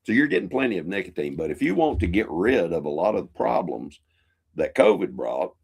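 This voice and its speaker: A man's voice: deep voice, big pitch swings, a little fast, creaky, darkish tone, breathy edge. A man co-hosting a casual livestream, folksy with short agreeing replies and wry asides. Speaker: co-host.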